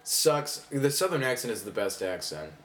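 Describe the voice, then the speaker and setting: A man's voice: medium pitch, sing-song, normal speed, fairly bright tone. A man from the Midwest who is a comedian guest, chatting casually and joking, laughing often. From American Midwest. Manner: joking, jumps into silly voices, laughs often. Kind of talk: casual chat.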